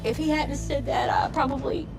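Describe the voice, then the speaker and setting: An older woman in a documentary interview, slowly and haltingly recounting events. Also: high voice, fairly even intonation, vocal fry, music in the background.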